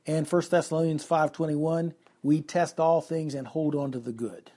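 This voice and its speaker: Husky-voiced man preaching a sermon. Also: fairly high pitch, steady tone, normal speed, warm tone. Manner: earnest teaching, reading scripture aloud and explaining it. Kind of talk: expository sermon.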